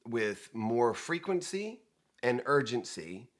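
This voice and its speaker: A man's voice: medium pitch, takes it slowly. A man hosting a real estate talk show, chatting casually with jokes and rambling asides. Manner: lively, joking, rambling asides. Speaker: host.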